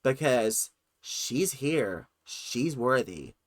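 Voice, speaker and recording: A sarcastic American dance mum in a put-on accent, played by a British reaction host. She sounds indignant and challenging, with her pitch jumping up on the key words. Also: animated, very slow, no echo.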